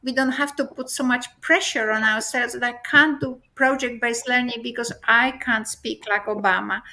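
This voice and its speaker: A woman's voice: fairly high pitch, steady tone, moderate pace, sharp tone. A woman hosting an academic panel on a video call, steering the discussion and stating her points firmly. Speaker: host.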